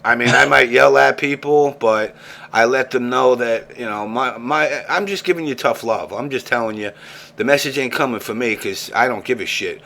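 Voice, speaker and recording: A man's voice: mid-range voice, normal speed, vocal fry, bright, forceful tone. A man hosting a casual gaming podcast, ranting emphatically and swearing freely. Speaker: show host.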